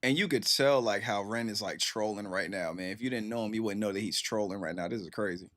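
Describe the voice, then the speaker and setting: A man's voice: fairly low pitch, fast talker, a bit bright. A man hosting a casual reaction stream, talking in a laid-back, repetitive way and often saying "man". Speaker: streamer host.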